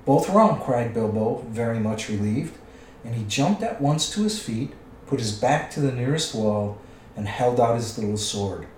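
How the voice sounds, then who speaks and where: A man reading a storybook aloud with expressive storytelling. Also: medium pitch, moderate pace, recorded from a distance, slight background noise. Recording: echoey room, away from the mic.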